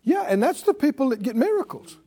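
A middle-aged man preaching a sermon, calling out to his congregation and swinging between loud declarations and quiet asides. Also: very high voice, sing-song, a little fast. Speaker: pastor.

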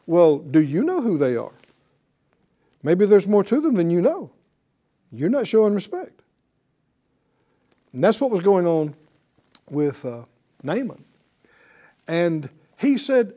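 Man preaching, high lively voice, acts out the people in the story, asks the room questions. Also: takes it slowly, pauses often. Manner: animated, acts out quoted voices, rhetorical questions. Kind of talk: sermon.

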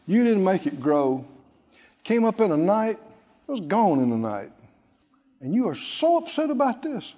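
A man preaching a sermon, lively and playful, acting out scripture scenes with laughter. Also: high-pitched, a little slow, long pauses. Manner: animated, acts out Bible figures with laughter. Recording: lo-fi recording in a reverberant hall.

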